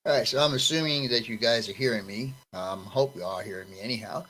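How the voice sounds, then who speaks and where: A man with a lowish voice talks fast, sounding pushed and bright as he greets his livestream viewers by name one after another, casual and friendly. The low-quality recording carries a little hiss or hum.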